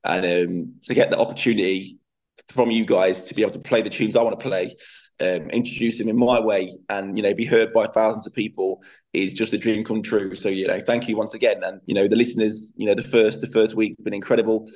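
A man's voice: lowish voice, fairly even intonation, fairly quick, darkish tone, rough recording. A young man from England, a DJ and presenter chatting casually as an interview guest, rambling a little with fillers.

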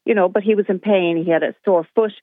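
A woman's voice: medium pitch, quick pace, dry recording. Indignant woman on a phone line. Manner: indignant, animated storytelling. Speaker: caller. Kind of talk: phone-in call. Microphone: telephone.

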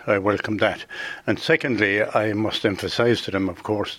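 A man's voice: fairly low pitch, a bit bright, no echo. A man speaking as a judge in a radio interview, earnest and firm.

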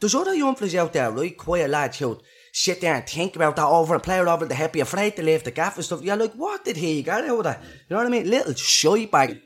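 A man co-hosting a podcast, talking in an excitable, rambling way. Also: on the high side, quick pace. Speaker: podcast co-host. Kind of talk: casual chat.

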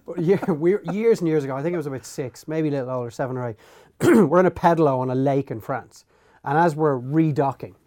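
A middle-aged man, a podcast co-host telling animated stories about parenting and mimicking himself shouting at his kids. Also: fairly high pitch, fast talker. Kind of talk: casual chat.

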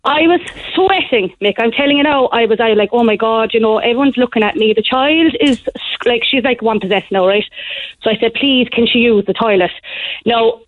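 Calling in to a radio show over a tinny phone line, a young woman with a slightly high voice rushes through her story, animated and breathless. There is no echo.

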